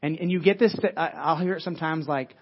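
Talking quickly in a fairly high voice, a pastor preaches conversationally, repeating words, restarting phrases, and asking "right?" again and again. The recording is dull and lo-fi.

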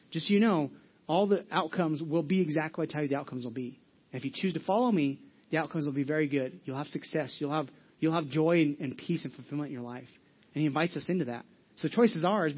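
Husky-voiced man preaching a sermon. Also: a little high, dull audio. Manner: earnest, conversational preaching with call-and-response questions. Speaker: pastor.

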